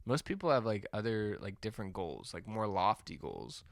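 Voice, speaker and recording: A man hosting a podcast, delivering a rambling, profane comedic rant in a deadpan way. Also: on the low side, moderate pace, vocal fry, no echo, clean studio sound. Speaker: podcast host.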